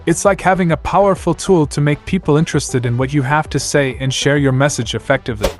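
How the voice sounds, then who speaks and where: A man giving a scripted narration in a measured, announcer-like way, walking through numbered points. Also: a little high, faint music behind.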